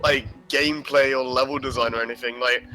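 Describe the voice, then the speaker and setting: A man hosting a podcast, talking casually and haltingly, with many restarts. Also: mid-range voice, steady tone, over music, low-quality recording. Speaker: podcast host. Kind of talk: casual chat.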